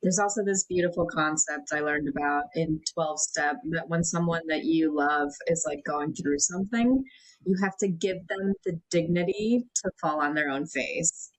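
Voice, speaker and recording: A woman hosting a podcast, talking thoughtfully in a relaxed interview. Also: deep voice, normal speed, poor audio. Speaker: podcast host. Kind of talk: casual conversational interview.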